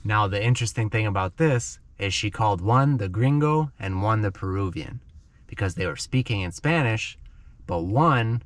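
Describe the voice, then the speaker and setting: A man's voice: on the low side, expressive, normal speed. A man teaching English to learners by telling a dramatic story in simple words, often checking in with "okay?".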